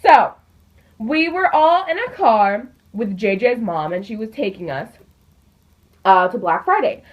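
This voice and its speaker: A teenage girl telling a story in a casual, chatty way, with lots of fillers and an animated delivery. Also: on the high side, a little slow. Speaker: vlogger. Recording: dull lo-fi recording.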